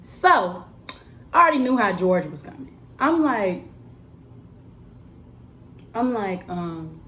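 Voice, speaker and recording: A young woman telling a story in a casual, animated vlog style, emphatic and full of fillers. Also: medium pitch, slow. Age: young adult. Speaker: vlogger and cosmetics counter worker.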